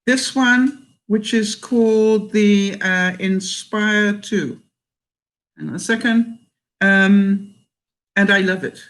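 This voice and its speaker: A woman's voice: medium pitch, slow pace. An older woman from Canada, vlogging in a casual livestream chat, talking chattily, laughing often and reading viewer comments aloud.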